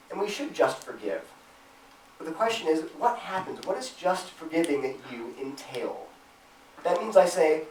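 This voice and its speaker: A man's voice: fairly high pitch, slight background noise. Earnest man lecturing in a roomy hall. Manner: earnest, emphatic, acts out imagined objections in a raised voice. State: choked up with emotion at times. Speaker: speaker at a campus Christian group. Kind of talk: apologetics talk to students. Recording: roomy, distant from the mic.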